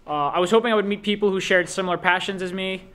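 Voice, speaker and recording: A teenage high school student being interviewed in class, with a hesitant way of talking full of fillers. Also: male voice, fairly even intonation, fast talker, sharp tone, smooth. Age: late teens. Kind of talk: casual interview.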